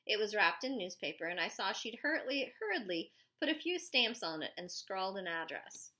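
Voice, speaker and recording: A woman narrating a first-person story as an audiobook, with lively storytelling. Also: medium pitch, fairly quick, few pauses.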